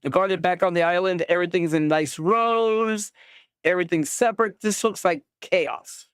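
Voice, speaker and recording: A man narrating a tabletop game as game master, describing scenes hesitantly with many pauses and fillers. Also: sits high, steady tone, a bit bright, clean tone, no echo, clean studio sound.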